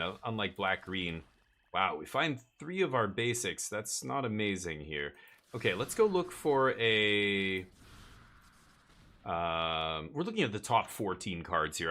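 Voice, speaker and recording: A male streamer with a lowish, bright voice talks through a card game as he plays, muttering moves to himself. His pitch rises and falls a lot, and the tone stays casual and thinking-aloud.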